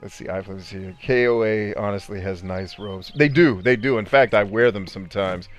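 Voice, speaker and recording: A man casually chatting with viewers on a live game stream, animated, laughing often and swearing freely. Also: on the low side, moderate pace, faint music behind. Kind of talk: casual live-stream chat while gaming.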